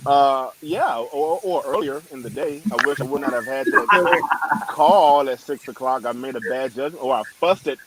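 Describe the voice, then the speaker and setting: A man's voice: medium pitch, moderate pace, very noisy. A middle-aged man, a pastor and guest, chatting in an emphatic, self-mocking way over a video call. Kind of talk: casual video-call chat.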